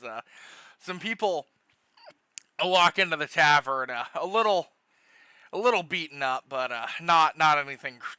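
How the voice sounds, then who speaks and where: A man narrates a tabletop game as dungeon master, his voice fairly high and very bright. He speaks into a close, dry mic, laughing often and restarting his sentences. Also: clear, resonant tone, dry recording.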